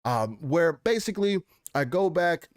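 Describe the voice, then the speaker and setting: A man's voice: on the high side, a little slow, dry recording, clean studio sound. Upbeat man hosting a live podcast. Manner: energetic, many fillers and restarts. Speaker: podcast co-host. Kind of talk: casual live-stream chat.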